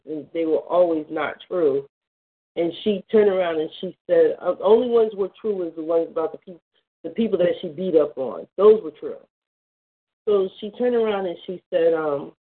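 A woman's voice: lowish voice, breathy edge. A woman giving an earnest, emotional personal testimony on a prayer call, often restarting her sentences. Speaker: caller sharing a testimony. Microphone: phone. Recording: tinny phone line.

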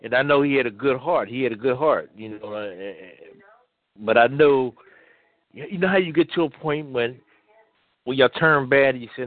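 A man talking on a casual radio show, halting and repeating words as he reminisces. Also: mid-range voice, no echo. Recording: dry tinny phone-like line.

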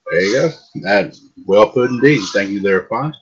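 A husky man hosts a wrestling podcast and hands the floor to his co-hosts. His pitch is average. The sound is dull and lo-fi. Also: expressive, normal speed. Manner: leads the panel, asks co-hosts for takes. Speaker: podcast host.

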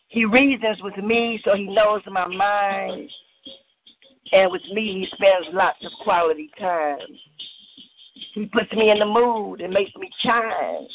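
A man performing a spoken word poem with a rhythmic, chanting delivery over a call line. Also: sits high. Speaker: poet. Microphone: video call. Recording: muffled phone-like call line with faint noise.

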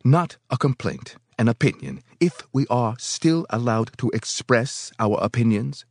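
A man's voice: mid-range voice, unhurried, a little mellow, no room sound, studio quality, voice pushed up. A man reading aloud and voicing a stern male critic with a pipe who speaks coldly and curtly. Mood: cold disapproving. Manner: cold, clipped, disapproving.

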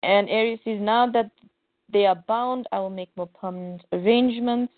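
On a podcast, a woman co-host animatedly recaps a comic's plot in a casual way, reading the characters' dialogue aloud in their voices. She has a medium-pitched voice and a moderate pace, and the dry audio sounds tinny, like a phone.

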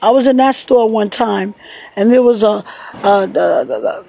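A woman vlogging outdoors in a park, upset and tearful, talking haltingly and repeating words as she recounts a bad experience. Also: medium pitch, gravelly, mellow, slight background noise, poor audio. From New York. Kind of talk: emotional personal vlog.

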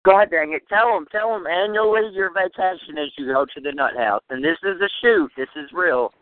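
A man's voice: sits high, moderate pace, no room sound. A young man, a guest, teasing and egging his partner on to tell stories. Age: young adult. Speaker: wrestling guest. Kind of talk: casual chat. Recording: dry, tinny phone-like line.

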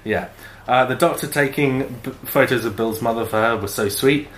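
A man's voice: mid-range voice, normal speed. Chatty, laughing man cohosting a podcast. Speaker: podcast co-host. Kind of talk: casual chat, reading listener email. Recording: roomy echo with faint background hum.

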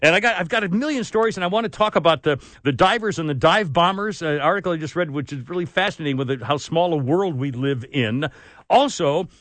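A man in his sixties hosting a radio talk show, telling rambling stories and giving away tickets with quick laughs. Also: on the high side, fairly bright tone, no echo. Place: radio studio. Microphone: studio microphone.

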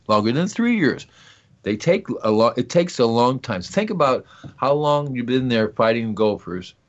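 Rambling, jokey radio garden-show host. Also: male voice, mid-range voice, highs cut off. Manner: rambling, jokey, talks to himself. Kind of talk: casual call-in gardening talk.

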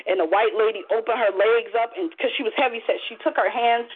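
A high-voiced woman with a husky edge tells a story casually over a muffled phone line. She is animated and profane and acts out the voices of the people in her tale. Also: a little fast. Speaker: caller.

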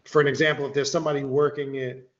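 A man's voice: medium pitch, little pitch movement, very fast, echoey room, dull audio. A man explaining occult ideas in casual talk, rambling with restarts and the odd curse word. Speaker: occult author guest.

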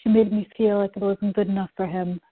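A woman of middle pitch echoes phrases back in a soft, reflective way as a client in a guided tapping session. Her voice comes through a thin, phone-like line that sounds dry and close. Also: flat delivery, fairly quick, husky.

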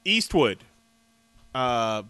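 A man co-hosting a comics podcast in casual chat, animated, laughing and swearing freely as he runs through the news. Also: mid-range voice, drawn-out words, clean tone, no echo. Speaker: podcast co-host.

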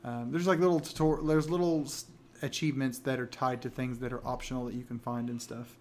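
A man's voice: medium pitch, steady tone, fairly quick, a little mellow. A man co-hosting a casual gaming podcast, rambling with many restarts and frequent laughs. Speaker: podcast co-host.

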